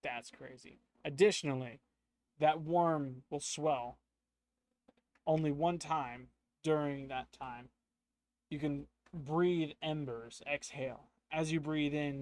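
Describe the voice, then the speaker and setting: A man narrating a solo tabletop game, thinking aloud with hesitations and filler words. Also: a little high.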